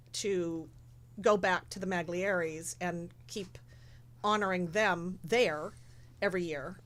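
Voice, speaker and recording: A woman guest in casual chat who organizes charity shows, talking in a rambling, emotional way and acting out what others said. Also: medium pitch. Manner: rambling, emotional, acts out quotes.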